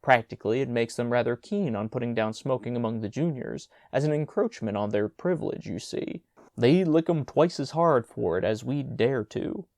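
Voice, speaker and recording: An easygoing school chaplain in a storybook, voiced by a male narrator, talking in a soothing, reasonable way with a mellow tone. The recording is dry and close. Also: medium pitch, normal speed, creaky, no echo, natural voice.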